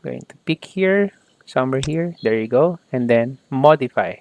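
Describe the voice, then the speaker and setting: A man teaching a software tutorial step by step, often saying "okay" and "there you go" as he works. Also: mid-range voice, expressive, moderate pace. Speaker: software instructor. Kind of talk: screen-recorded software tutorial.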